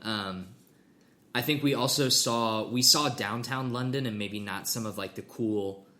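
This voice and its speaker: A man's voice: medium pitch, measured pace, sharp tone. A man co-hosting a podcast, chatting enthusiastically about a film and dropping trivia, with casual swearing. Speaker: podcast co-host. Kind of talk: casual movie review chat.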